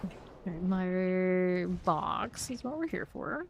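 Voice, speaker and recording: A woman's voice: on the low side, expressive, slow, creaky, a little hiss or hum. Chatty woman streaming a game. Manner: chatty and rambling, heavy use of "like". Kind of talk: casual gameplay chat.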